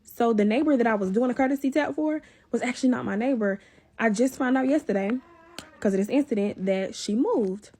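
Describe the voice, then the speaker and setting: A young woman telling a personal story in a casual vlog, animated and profane, talking straight to her viewers. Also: a little high, fairly quick, breathy edge.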